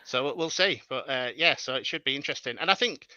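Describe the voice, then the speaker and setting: A man's voice: mid-range voice, fast talker, sharp tone, clean tone, no echo, muffled recording. A British man in his thirties, a guest podcaster, chatting in an easygoing, hesitant way. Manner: easygoing, hesitant, many fillers and restarts. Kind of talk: casual chat.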